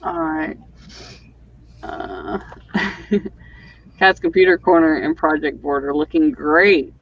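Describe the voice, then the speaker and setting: A woman's voice: deep voice, animated, slow, gravelly, slightly rough, dull audio. A woman hosting a writing livestream, chatting casually and rambling with lots of fillers over a video call. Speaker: livestream host and author.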